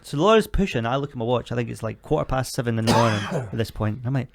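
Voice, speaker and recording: A man's voice: mid-range voice, fast talker, gravelly. A young man co-hosting a casual comedic podcast, telling a story and acting out what others said. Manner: storytelling with acted quotes of others. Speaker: podcast co-host.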